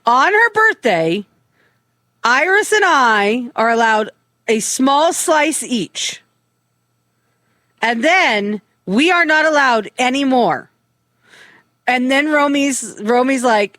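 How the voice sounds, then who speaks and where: Brief: middle-aged woman co-host, higher pitch, lively storyteller, dry close studio sound. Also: slow, pauses often, dry recording. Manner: animated storytelling, frequent swearing. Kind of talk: casual chat.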